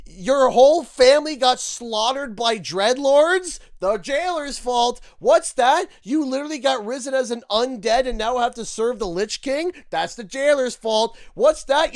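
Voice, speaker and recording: A Canadian man streaming a game, ranting with sarcasm and bursts of shouting. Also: very high-pitched, dry recording, studio quality. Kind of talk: gaming livestream commentary.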